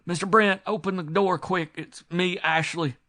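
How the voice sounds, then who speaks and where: A man's voice: a little high, expressive, moderate pace, pitched above the performer's own voice. A man voicing a frightened servant whose voice is strangled and gasping with fear. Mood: terrified. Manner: gasping, shouting.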